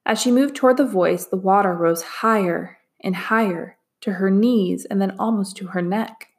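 A woman narrating a chapter book aloud in a measured, expressive reading. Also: mid-range voice. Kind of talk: storybook read-aloud narration.

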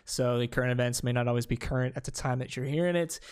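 A man's voice: medium pitch, fast talker, a little mellow, clean tone. A man hosting a podcast, wrapping up in a friendly, rambling way with lots of fillers. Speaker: podcast host. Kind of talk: casual chat.

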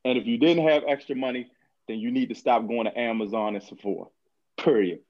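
A man's voice: mid-range voice, a little fast, muffled recording, noisy background. A man who works as a financial advisor, talking casually on a podcast in a blunt, joking way, full of slang. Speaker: financial advisor, show regular.

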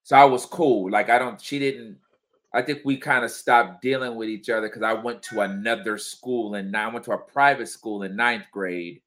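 A man co-hosting a casual podcast chat, teasing his co-host and asking probing questions between loud laughs. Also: lowish voice, steady tone, moderate pace.

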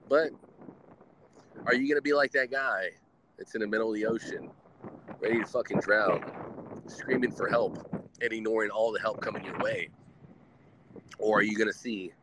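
A man with a fairly low voice hosts a rambling live show, swearing constantly and laughing as he goes. He is recording outdoors in the wind. Gusts of wind noise hit the mic. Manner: heavily profane, rambling, laughs often.

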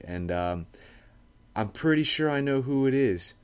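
A man's voice: low voice, lively intonation, measured pace, clean tone. A man hosting a casual sports podcast, joking around with lots of fillers and laughter. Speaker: podcast host.

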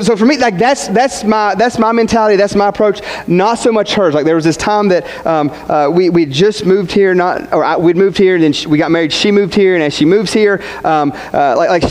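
Young male student pastor, folksy rambling sermon delivery, slightly high-pitched. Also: a little mellow, poor audio. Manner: rambling, self-interrupting, folksy. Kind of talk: sermon with personal stories.

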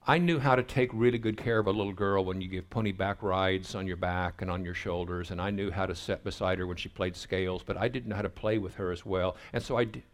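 Low-voiced man telling a sermon story. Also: fast, hardly any pauses. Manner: acts out family dialogue in a lively storytelling way. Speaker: pastor.

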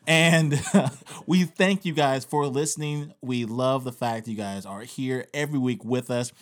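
A man co-hosting a podcast, bantering and teasing his friend in casual chat. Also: mid-range voice. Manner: playful, teasing, quick banter. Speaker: podcast co-host.

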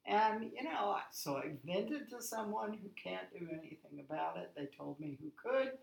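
A woman in her sixties, a lively storyteller who laughs often, chatting as a guest. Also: mid-range voice, normal speed, creaky, reverberant, rough recording. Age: 60s. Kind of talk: casual conversation.

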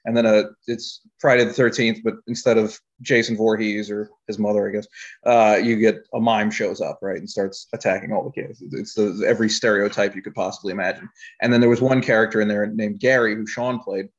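A filmmaker guest in a casual interview rambles about his filmmaking and laughs often. His voice is fairly low and steady, and he talks fairly quickly. The audio is dull and lo-fi.

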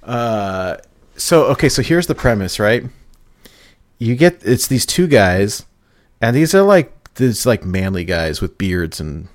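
A man casually telling a long story on a podcast, excited and laughing as he goes, often acting out quotes. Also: on the low side, unhurried, dry recording, studio quality. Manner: animated storytelling, laughs, mimics people in quotes. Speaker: podcast host.

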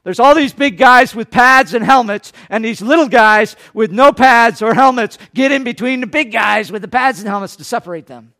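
A man preaching a sermon, swinging between loud, urgent lines and hushed, quiet ones, and briefly acting out the people he quotes. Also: very high voice, moderate pace, hardly any pauses. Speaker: pastor.

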